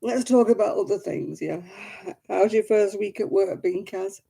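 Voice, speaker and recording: Middle-aged British woman hosting a homely stream, friendly chatter to viewers, soft husky voice. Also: medium pitch, normal speed. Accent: British English. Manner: chatty, greeting viewers by name. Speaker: livestream host. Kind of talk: casual live-stream chat.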